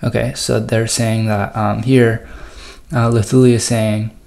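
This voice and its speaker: A man's voice: on the low side, level tone, a little slow, gravelly, darkish tone. A man tutoring through a recorded test review, explaining answers with frequent ums and you-knows and reading passages aloud.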